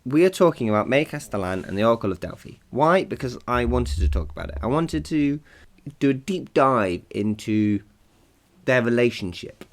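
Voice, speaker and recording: A man hosting a casual solo podcast, chatty and rambling, laughing often and poking fun at himself. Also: mid-range voice. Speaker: podcast host.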